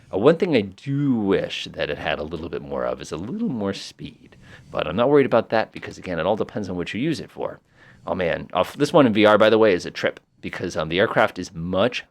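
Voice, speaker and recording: A man hosting a flight simulator walkthrough, talking casually in an excitable, amused way with plenty of fillers. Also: low voice. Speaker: flight simulator video host.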